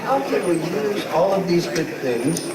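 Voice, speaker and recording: A man giving a motivational talk as a leadership coach. He is animated, acts out quotes and asks the crowd rhetorical questions. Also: high voice, measured pace. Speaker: leadership coach speaking to an audience. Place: large hall with a live audience. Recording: echoey hall, far from the mic, noisy.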